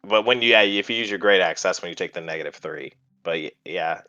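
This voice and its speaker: A man's voice: deep voice, fast talker, sharp tone, no echo. A man running a tabletop game as dungeon master, laid-back and stumbling over his words. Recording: muffled lo-fi audio.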